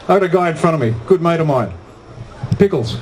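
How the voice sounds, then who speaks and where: A man's voice: fairly high pitch, lively intonation, fairly quick, noisy background. A man giving a live motivational talk at an event, speaking emphatically and repeating key phrases for impact. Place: outdoor event on a hot day.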